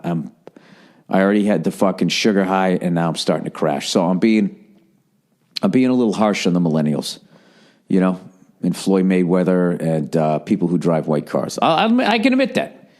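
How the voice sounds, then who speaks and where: A middle-aged man from Boston hosting a podcast, ranting casually and profanely, swinging between loud gripes and low muttering. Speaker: podcast host. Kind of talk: casual comedic podcast rant.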